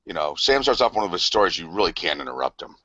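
A man co-hosting a podcast, breaking in with quick, profane remarks during casual chat. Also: sits low, sing-song, sharp tone, no echo, recorded from a distance. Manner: quick interjections, frequent swearing. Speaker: podcast co-host. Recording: dull, lo-fi podcast audio.

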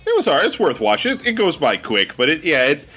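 A man's voice: on the high side, fast talker, husky. A man hosting a casual podcast chat, laughing often and swearing freely. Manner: laughing, crude, animated.

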